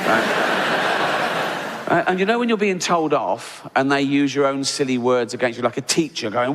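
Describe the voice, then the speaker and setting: A middle-aged man with an English accent doing a stand-up comedy routine, telling a story with sarcastic, incredulous mock outrage and squeaky asides. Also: fairly quick, fairly bright tone. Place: large theatre stage. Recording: live theatre with long reverb and audience.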